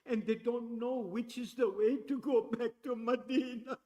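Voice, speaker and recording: High-voiced man preaching in a hall. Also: steady tone, measured pace, darkish tone, dull audio. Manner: emotional storytelling, voice rising to cries. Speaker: speaker at an Islamic center. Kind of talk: mourning sermon narration. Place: Islamic center hall. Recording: long reverb of a hall.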